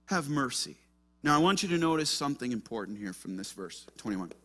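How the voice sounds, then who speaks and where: A man preaching a sermon as pastor, moving between hushed asides and fervent, raised passages. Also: mid-range voice, sing-song, fast. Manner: impassioned preaching, swings between hushed and loud.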